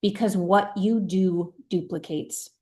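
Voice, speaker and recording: A woman's voice: lowish voice, fairly even intonation, takes it slowly, warm tone. A middle-aged woman leading her sales team on a video call, speaking in an earnest, emphatic and heartfelt way. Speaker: direct-sales team leader.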